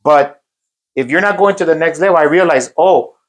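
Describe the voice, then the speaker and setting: A man talks in a blunt, profane way, mixing phrases into casual motivational chat. His voice sits a little higher than most men's. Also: moderate pace, poor audio. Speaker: co-host.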